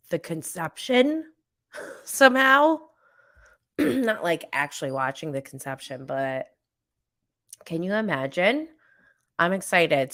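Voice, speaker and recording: Slow, smooth-voiced woman podcast host. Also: fairly low pitch, bright, forceful tone, no room sound, clean studio sound. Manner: chatty, rambling with fillers and self-aware laughs. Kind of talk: casual solo recap chat.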